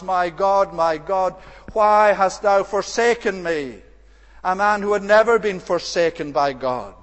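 A man preaching a sermon in an earnest, emphatic way, repeating his key phrases. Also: high voice. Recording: long hall reverb.

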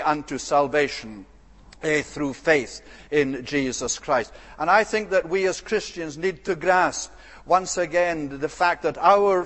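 A man preaching a sermon in a church hall, his slightly high voice carrying a long reverb tail. He speaks in a measured, earnest way, building points through repeated phrases and filling pauses with a soft "eh". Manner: measured, earnest, repetitive emphasis with frequent "eh" fillers.

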